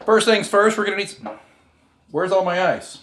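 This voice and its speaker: A man's voice: sits high, normal speed, fairly bright tone, a little hiss or hum. A man hosting a casual home cocktail show, chatting and joking as he mixes drinks at his bar. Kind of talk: casual chat while mixing drinks.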